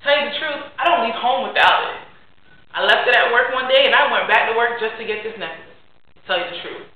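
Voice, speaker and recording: A young woman giving an earnest, heartfelt personal speech to a class, often trailing off softly. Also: fairly high pitch, fairly quick. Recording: very echoey, distant, tinny and lo-fi.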